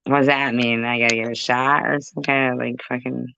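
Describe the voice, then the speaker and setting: A woman's voice: rumbling low, little pitch movement, a little fast, vocal fry, bright, forceful tone, highs cut off, slight background noise. A woman ranting profanely and confrontationally on a phone livestream, rambling and chatting with her viewers. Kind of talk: livestream rant.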